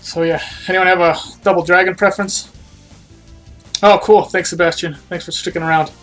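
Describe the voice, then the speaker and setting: A man's voice: high-pitched, steady tone, moderate pace, fairly bright tone, soft background music. A man casually chatting on a live game stream, self-critical and rambling, trailing off, a bit out of breath.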